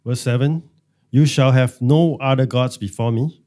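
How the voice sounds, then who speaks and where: A man reading scripture aloud in a measured, careful way for a Bible class. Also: mid-range voice, fairly even intonation, dark tone.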